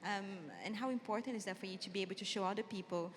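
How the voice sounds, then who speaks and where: A woman's voice: medium pitch, racing. A woman from Brazil interviewing a guest on a festival stage, asking long, effusive questions. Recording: long hall reverb, faint noise.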